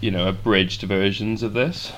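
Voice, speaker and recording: Tipsy guy cohosting a podcast, lowish voice, rambly and sweary. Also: fairly even intonation, moderate pace, fairly bright tone. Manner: laughing, rambling, swears freely. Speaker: podcast co-host. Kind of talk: irreverent casual chat.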